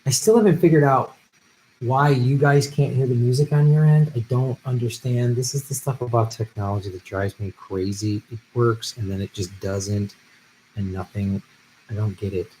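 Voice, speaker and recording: A man's voice: mid-range voice, fairly even intonation, moderate pace, warm tone, a little hiss or hum, poor audio. Male livestream host, loose and profane, reads viewer comments in everyday speech, mid-range voice. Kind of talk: casual livestream chat, reading viewer comments. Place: home streaming setup. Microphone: earpiece with improvised audio setup.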